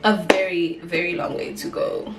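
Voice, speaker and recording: A young South African woman telling a story in a casual, animated vlog, chatty and full of fillers. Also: fairly low pitch, moderate pace, vocal fry, far from the mic, music in the background. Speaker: vlogger. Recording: roomy echo, off-mic.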